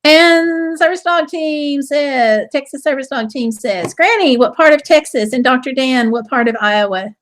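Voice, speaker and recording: A woman's voice: high voice, unhurried, hardly any pauses, faint music behind. A woman hosting a casual live stream, chatting in a bubbly way and reading viewer comments aloud. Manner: bubbly and chatty, with exclamations and laughter.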